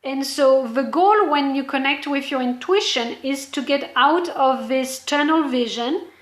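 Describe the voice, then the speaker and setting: A woman's voice: high-pitched, a little slow, echoey room. A woman business coach giving an earnest, explanatory motivational talk straight to the viewer.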